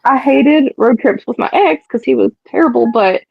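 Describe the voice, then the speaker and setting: A chatty, giggly woman with a high voice edged with vocal fry joins a group chat. Her audio comes through dull and lo-fi over the call, dry with no room. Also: lively intonation, moderate pace, no echo.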